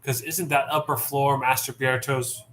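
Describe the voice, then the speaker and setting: A man's voice: mid-range voice, fairly even intonation, moderate pace, fairly bright tone, slight background noise. A man in his thirties, a player at a tabletop game, chatting casually and wandering into asides.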